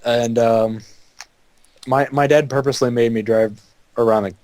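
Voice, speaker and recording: A young man with a mid-range voice rambles through stories in a casual podcast chat, quick to snap back playfully. The sound is dry and close, with no room around it. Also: medium pitch, fairly even intonation, a little mellow, no room sound. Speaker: podcast co-host.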